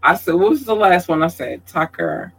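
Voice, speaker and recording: Guy on a livestream doing shoutouts, kinda high voice, super gushy, calls everyone babies. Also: huge pitch swings, normal speed, creaky, husky, poor audio. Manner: effusive, calls viewers babies, swears casually. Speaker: content creator giving shout-outs. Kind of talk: casual livestream chat.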